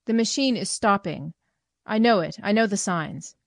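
A woman voicing a grave young man who speaks slowly and solemnly, like a prophet. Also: mid-range voice, expressive, vocal fry, no room sound, studio quality. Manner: slow, solemn.

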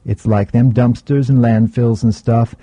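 A man's voice: medium pitch, steady tone, a little slow, mellow, no room sound, natural voice. A man voicing a graying, streetwise older man who talks in a laid-back, teasing drawl. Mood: wry.

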